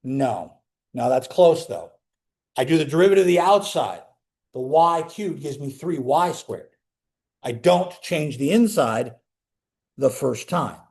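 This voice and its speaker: A man's voice: mid-range voice, unhurried. A man teaching a calculus class live, walking students through each step and asking them questions as he goes. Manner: animated, talks students through steps with questions. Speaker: calculus lecturer.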